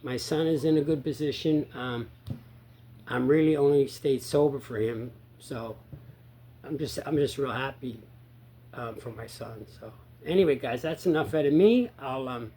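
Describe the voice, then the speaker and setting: A man coaching sobriety in a casual talk to viewers, earnest and repeating himself, rising to loud emphasis and dropping to quiet, low asides. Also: moderate pace, a little hiss or hum.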